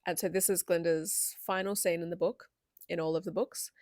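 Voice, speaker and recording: A woman's voice: on the low side, steady tone, normal speed, darkish tone, no room sound, studio quality. A young adult woman giving a chatty, candid video essay with frequent asides.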